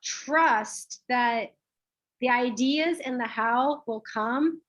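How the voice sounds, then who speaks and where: A woman's voice: on the high side, very slow, fairly bright tone. A woman guest on a video call, telling personal stories in an earnest, reflective way with some fillers. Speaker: lawyer and guest. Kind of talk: personal storytelling in an interview.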